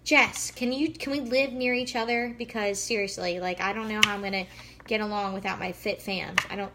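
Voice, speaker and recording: A fitness vlogger in her thirties talks casually and bubbly through a live cooking session at home, full of fillers. Her medium-pitched voice is fairly quick with fairly even intonation, and there's background noise.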